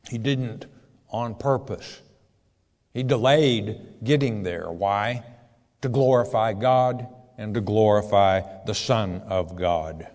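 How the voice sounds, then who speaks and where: A man's voice: lowish voice, slow, darkish tone, long reverb tail. A man teaching scripture verse by verse, reading each passage and then explaining it in plain words. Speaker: preacher.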